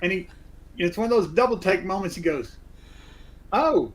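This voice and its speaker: A man who acts in community theatre, telling animated anecdotes in a casual chat. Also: high-pitched, a little fast, rough recording. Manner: animated storyteller, does voices in quotes. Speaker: community theatre actor guest.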